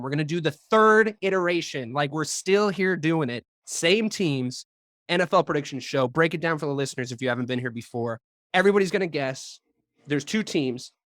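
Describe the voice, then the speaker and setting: Brash, profane podcast host, dry sound. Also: male voice, on the high side, fairly bright tone, dry recording. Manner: profane, brash, quick banter. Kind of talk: casual sports podcast chat. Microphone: podcast microphone.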